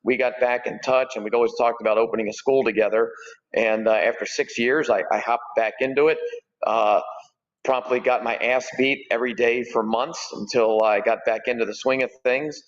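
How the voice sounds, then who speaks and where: A man's voice: mid-range voice, fairly even intonation, moderate pace, big-room sound, muffled recording. A man in his forties, a gym owner talking as a podcast guest in an easygoing, rambling way with lots of fillers and restarts. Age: 40s. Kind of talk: casual podcast conversation.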